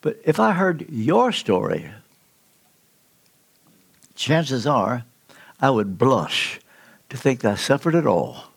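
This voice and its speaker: An older man preaching a sermon in a church, telling a personal story with earnest, slow, emphatic pauses. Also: mid-range voice, very animated, vocal fry, breathy edge. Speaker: pastor. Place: church sanctuary.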